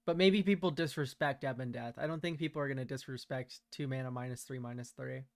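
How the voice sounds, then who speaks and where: A young man giving relaxed, chatty commentary while playing a card game, laughing often and using casual slang. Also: medium pitch, fast, dry recording, studio quality. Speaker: streamer.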